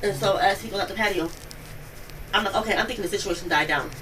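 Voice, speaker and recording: Fast-talking woman witness on bodycam. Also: mid-range voice, a crowd in the background. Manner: rapid, breathless retelling. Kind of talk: recounting events to police. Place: home, near the kitchen. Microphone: police bodycam. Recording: distant bodycam audio with background noise.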